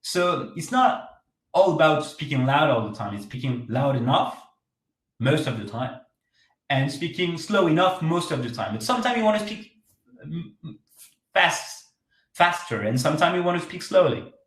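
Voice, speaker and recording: A man, an English speaker, giving an energetic online workshop talk on public speaking, repeating his key points for emphasis. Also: fairly high pitch, normal speed. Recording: echoey room.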